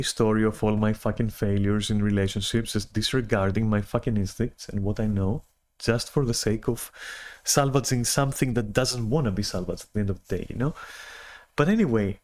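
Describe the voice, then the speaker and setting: A man's voice: on the low side, moderate pace, a little mellow. A man venting in a casual monologue, agitated and exasperated, swearing often and restarting his sentences. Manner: agitated, profane, exasperated rant with many restarts. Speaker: podcaster venting.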